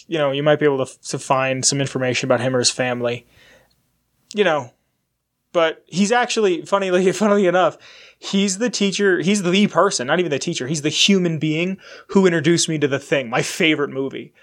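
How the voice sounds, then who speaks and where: A man's voice: on the high side, a bit bright. A man in his twenties hosting a podcast, chatting candidly in a rambling, casually profane way. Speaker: podcast host. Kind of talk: casual chat.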